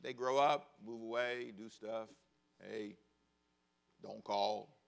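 Slow and steady, a middle-aged pastor with a fairly low, gravelly but clean voice delivers a conversational, funny sermon. He gets the congregation to repeat phrases after him and plays out the quoted voices of children and parents.

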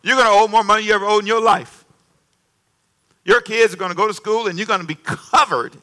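A male preacher giving a lively sermon, calling out questions to the congregation and acting out dialogue with sudden drops and rises in volume. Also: high-pitched, a little fast. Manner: animated, call-and-response with congregation; acts out dialogue with varied volume.

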